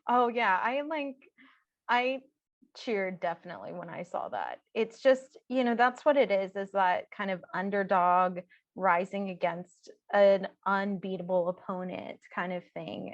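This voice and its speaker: A woman's voice: mid-range voice, animated, measured pace, dry recording, highs cut off. A woman co-hosting a casual chat, talking enthusiastically and mimicking characters with mock exasperation. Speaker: podcast co-host.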